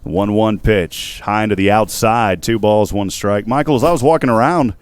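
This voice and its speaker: A man giving steady, measured baseball play-by-play commentary as the announcer. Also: clean tone. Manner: steady, measured calls of each pitch.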